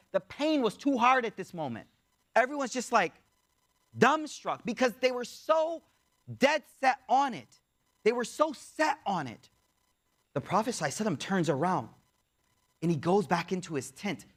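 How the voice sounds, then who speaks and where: A man teaching as he tells a story in a lecture, animated and speaking straight to his audience, acting out the voices. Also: very high-pitched, moderate pace. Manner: animated, addresses audience directly, acts out voices. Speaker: Islamic teacher.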